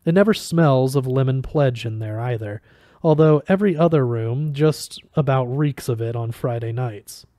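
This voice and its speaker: A man's voice: mid-range voice, normal speed, dark tone, dry recording, clean studio sound. A man reading a novel aloud in a casual way, with small slips and restarts. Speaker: audiobook reader.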